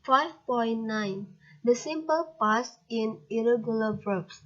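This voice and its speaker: A young woman student with an Indonesian accent, reading a grammar lesson aloud in a halting way and spelling out letters. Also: fairly high pitch, a bit bright, muffled recording. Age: young adult. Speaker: student presenter.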